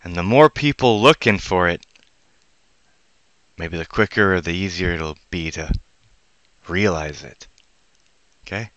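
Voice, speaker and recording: A man hosting a live stream, ranting with heavy swearing, swinging between loud angry outbursts and low mutters. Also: animated, a little slow, long pauses, no echo, low-quality recording. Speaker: livestream host. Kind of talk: profane live-stream rant.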